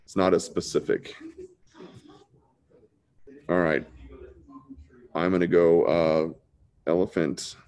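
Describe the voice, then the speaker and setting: A man's voice: low voice, level tone, slow, pauses often, darkish tone, smooth. A man teaching a casual live online drawing lesson, laid-back and chatty, talking like a buddy. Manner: laid-back and chatty, says dude a lot. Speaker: drawing instructor.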